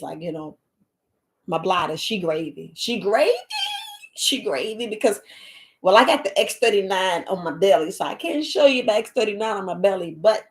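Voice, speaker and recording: Black lady rambling on a live stream from home, chatty, calls viewers family. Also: medium pitch. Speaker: herbalist host of a live podcast. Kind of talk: casual live-stream talk.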